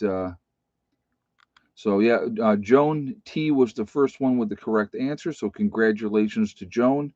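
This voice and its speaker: A man's voice: lowish voice, darkish tone, no room sound. A middle-aged man with an Appalachian American accent, telling a story casually to his viewers and rambling with many fillers and restarts. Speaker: channel host. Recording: dull dry home recording.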